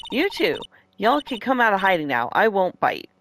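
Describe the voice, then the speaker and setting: Brief: brash, defensive Southern country woman voiced by a woman, put-on drawl, animated delivery. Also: medium pitch, normal speed, background noise. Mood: gruff. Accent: put-on American Southern drawl. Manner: defensive, folksy, scolding.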